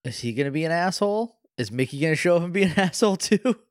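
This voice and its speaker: A man's voice: fairly high pitch, animated, no echo, clean studio sound. A man co-hosting a podcast, reacting in casual chat with wry jokes and frequent swearing. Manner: wry, swears freely, quick joking reactions. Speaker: podcast co-host.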